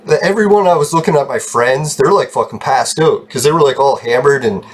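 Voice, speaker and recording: A man telling a long rambling story in a casual vlog, swearing freely, getting excited and laughing often. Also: medium pitch, brisk, a little hiss or hum. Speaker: channel host telling a story.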